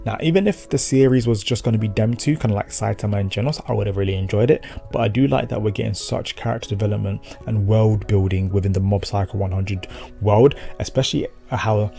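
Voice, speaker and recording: A man casually recapping and reviewing an anime episode, rambling and slangy, swearing and acting out quick bits of dialogue. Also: lowish voice, gravelly, mellow, soft background music.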